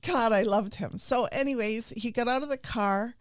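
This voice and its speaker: A woman's voice: fairly high pitch, moderate pace, dry recording, clean studio sound. A middle-aged woman telling stories in a casual podcast conversation about rescue dogs. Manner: storytelling, warm and animated with laughs. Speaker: rescue dog trainer, guest.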